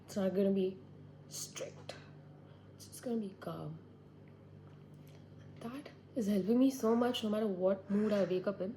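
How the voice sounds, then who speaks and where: A woman's voice: mid-range voice, measured pace, long pauses, warm tone, slight background noise, poor audio. A woman in her twenties, talking to herself in a reflective, rambling way as she sits indoors by a window. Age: 20s. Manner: musing, rambling, talks to herself. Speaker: vlogger. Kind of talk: reflective solo monologue.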